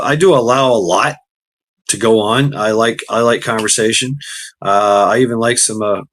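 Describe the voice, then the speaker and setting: A man's voice: medium pitch, fairly bright tone. A tired man hosting a casual livestream, rambling and swearing as he greets chatters by name. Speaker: livestream host.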